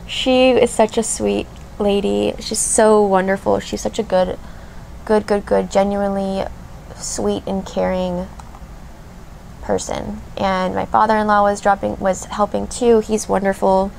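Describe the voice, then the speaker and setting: A woman's voice: medium pitch, flat delivery, unhurried, vocal fry, darkish tone, slight background noise. A woman in her thirties chatting casually while doing her makeup, rambling and gushing with lots of fillers. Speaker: beauty vlogger. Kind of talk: chatty get-ready-with-me vlog.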